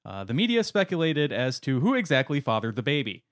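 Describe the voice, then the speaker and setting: A man's voice: medium pitch, big pitch swings, fairly quick, no echo, clean studio sound. A man co-hosting a podcast, reading out a gossipy story and laughing as he goes. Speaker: podcast co-host. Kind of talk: casual chat, reading a story aloud.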